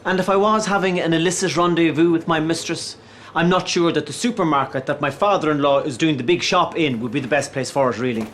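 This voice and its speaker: A man's voice: on the high side, fast, a bit bright, a little hiss or hum, close to an everyday voice. An actor playing a mild-mannered, middle-aged sitcom father who gets flustered, hesitant and defensive. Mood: patient. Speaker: sitcom character, family father. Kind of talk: sitcom acting.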